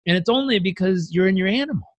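A man's voice: lively intonation, fast talker, no room sound, lo-fi sound. A man speaking as a podcast guest, telling reflective stories in an earnest, conversational way and sometimes acting out inner voices. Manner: earnest, acts out inner voices with pitch jumps.

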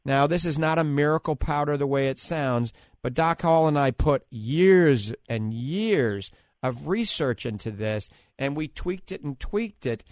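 A man with a New Orleans accent co-hosting a radio health show, giving upbeat, persuasive advice and pitching products. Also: expressive, a little slow, no room sound, studio quality.

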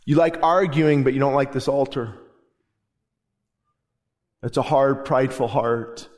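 A man preaching a sermon as pastor, with a fervent delivery in a church service that swells to loud, emphatic declarations. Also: medium pitch, measured pace. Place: church sanctuary during a service.

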